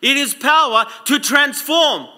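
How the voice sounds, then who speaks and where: A man preaching a live sermon in a church, urging the congregation and swinging between loud calls and hushed lines. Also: very high-pitched, expressive, unhurried.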